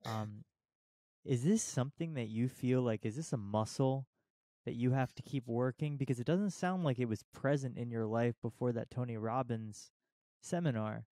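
A man hosting a podcast, asking thoughtful questions in a halting, searching way. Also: mid-range voice, warm tone, no room sound, clean studio sound. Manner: halting, restarts and fillers while framing questions. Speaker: podcast host. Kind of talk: interview questions.

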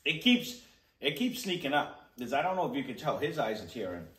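A man's voice: mid-range voice, very animated, brisk, fairly bright tone, echoey room, far from the mic, rough recording. A man tasting and reviewing hot sauces in casual chat, his mouth burning, often restarting and repeating words as he searches for them. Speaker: food reviewer.

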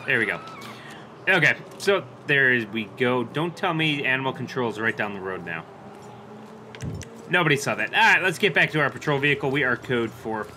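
A man's voice: medium pitch, expressive, moderate pace. A young man giving casual gameplay commentary, narrating his moves and talking to dispatch in police lingo. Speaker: gaming YouTuber playing a police officer. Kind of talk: casual gameplay commentary with in-character radio talk. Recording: clear game noise behind the voice.

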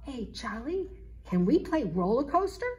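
A tiny playful boy kitten from a storybook, as a woman reads him, with a high, childlike voice that begs and pleads. He sounds young and easily distracted. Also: very animated, a little slow, a little mellow. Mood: eager.

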